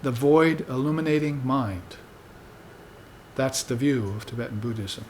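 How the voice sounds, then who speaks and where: Unhurried man giving a dharma talk. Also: medium pitch, slight background noise. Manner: unhurried, conversational, tags points with "you see". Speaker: spiritual teacher.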